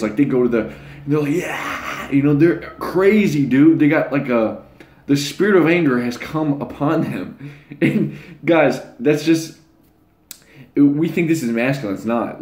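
A man's voice: medium pitch, darkish tone. Blunt young man ranting in echoey room. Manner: blunt, rambling, with crude slang. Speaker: channel host. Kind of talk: casual monologue to camera.

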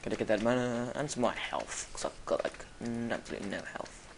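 A young gamer mutters quietly to themselves during gameplay and breaks into loud yells and shrieks at enemies. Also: medium pitch, lively intonation, a little fast, vocal fry, slight background noise. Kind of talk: gameplay commentary.

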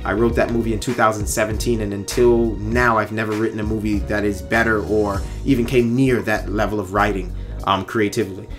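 A filmmaker chatting casually on a livestream, rambling and joking and reading viewer comments aloud, with many pauses and fillers. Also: male voice, fairly low pitch, flat delivery, faint music behind. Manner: rambling, joking, teasing, lots of ums.

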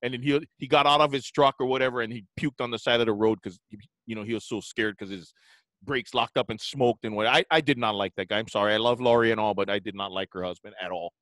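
A man's voice: mid-range voice, fairly even intonation, fast, a bit bright, dry recording. A man hosting a casual group chat, blunt and rambling with coarse words.

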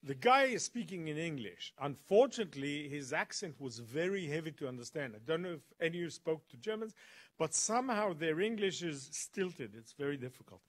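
A man telling a story to a college audience as a guest speaker. His voice sits a bit high and leaps up and down as he builds suspense with pauses. He tells it with dramatic swings. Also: lively intonation. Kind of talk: animated storytelling lecture. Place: college event.

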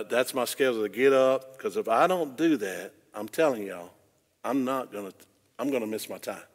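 A man, a pastor leading a Bible study. He talks conversationally and often rises into loud, emphatic preaching. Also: on the low side. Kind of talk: informal Bible study teaching. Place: church room. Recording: long church reverb.

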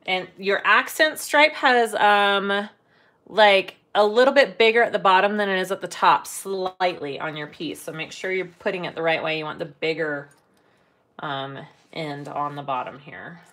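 A woman's voice: lowish voice, moderate pace, fairly bright tone. Chatty woman teaching a live sewing class. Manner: chatty, explains while working, hums filler sounds. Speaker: sewing instructor and shop owner.

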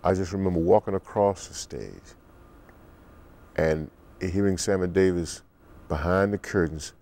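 An older man, a musician guest in an interview, telling stories in an unhurried way and acting out the quotes. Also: lively intonation, darkish tone. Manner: deep, unhurried storyteller who acts out quotes. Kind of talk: relaxed storytelling interview.

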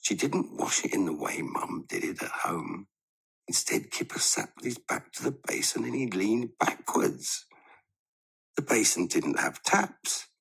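A man reading a children's storybook aloud in an expressive, animated way. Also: deep voice, unhurried, gravelly, husky.

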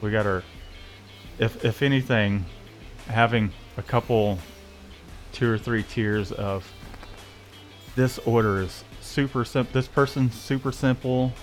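A man in a relaxed livestream chat, joking and calling out viewers' names. His voice sits at a middle pitch, with faint music playing behind him. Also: a little slow, pauses often. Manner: joking, greets viewers by name. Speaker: livestream co-host.

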